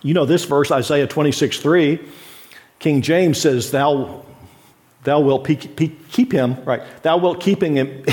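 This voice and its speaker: A man's voice: on the high side, darkish tone. A middle-aged male pastor teaching a sermon in a conversational way, asking the listeners frequent questions and laughing lightly.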